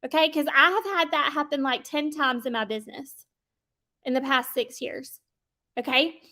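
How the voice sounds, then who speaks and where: A woman coaches a group on sales in a chatty, casual way. Her voice sits high, and she keeps checking in with her listeners as she goes. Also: normal speed, sharp tone. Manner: chatty, checks in with "okay?" often. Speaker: sales trainer.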